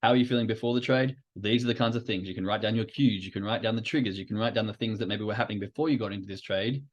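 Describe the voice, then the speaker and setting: A man hosts an educational podcast and speaks in a relaxed, explanatory way. His voice sits somewhat low. His delivery is informal and peppered with fillers. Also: rapid-fire, lo-fi sound. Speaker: podcast host.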